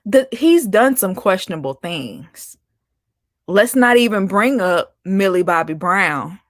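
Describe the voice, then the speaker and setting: A woman hosting her own chat vlog, ranting casually in an animated, sassy way with lots of laughter. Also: medium pitch, slow, no echo, studio quality. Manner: animated and sassy, laughing, calling out with "honey" and "baby". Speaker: vlogger host. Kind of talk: casual opinion rant.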